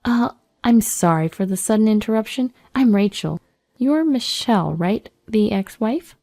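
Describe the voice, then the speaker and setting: A woman's voice: mid-range voice, animated, moderate pace, mellow. A woman voicing a composed young woman who questions politely but pointedly. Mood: probing.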